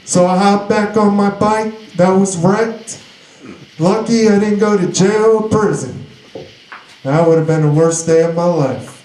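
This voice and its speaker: A young man tells his own story slowly and haltingly, restarting sentences as he goes. His voice is fairly high yet mellow. The recording sits in a noticeably echoey room. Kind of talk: personal recovery story.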